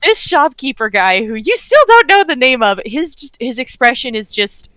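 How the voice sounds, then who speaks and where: A woman's voice: sits high, sing-song, pushed and bright, dry recording. A woman narrating a tabletop role-playing game as game master, casual and chatty. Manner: casual, chatty, quick asides.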